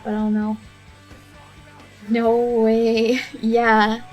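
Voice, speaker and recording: Chatty female streamer, casual and rambling, pitched a bit high, soft music in the background. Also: monotone, drawn-out words. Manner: chatty, rambling, many fillers and laughs. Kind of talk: casual chat with chat while drawing.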